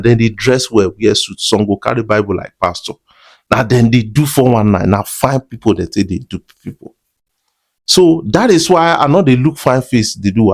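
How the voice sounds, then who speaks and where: An entertainment blogger with a Nigerian Pidgin accent chats with his viewers in a commentary vlog, blending Pidgin and English. His voice is medium-pitched and a little mellow.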